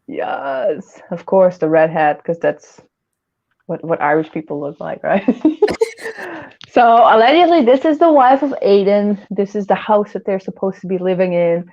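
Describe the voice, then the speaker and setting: A woman hosts a relaxed livestream chat, drawling along at an unhurried pace. She rambles and giggles between thoughts. Her audio sounds dull and lo-fi. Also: medium pitch. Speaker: host.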